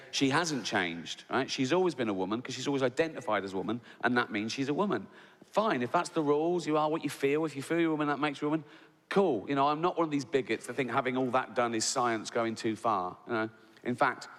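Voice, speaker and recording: A man's voice: mid-range voice, slight background noise. Cheeky stand-up man. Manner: rambling, self-interrupting, cheeky. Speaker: stand-up comedian. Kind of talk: stand-up comedy routine. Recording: live theatre stage, big hall, loud background.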